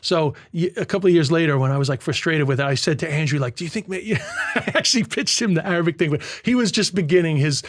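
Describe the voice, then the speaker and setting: Quick-talking male comedian, dry close sound. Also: a little high, dry recording. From Ireland. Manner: fast, storytelling, swears freely. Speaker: stand-up comedian, podcast guest. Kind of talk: casual podcast chat. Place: tent.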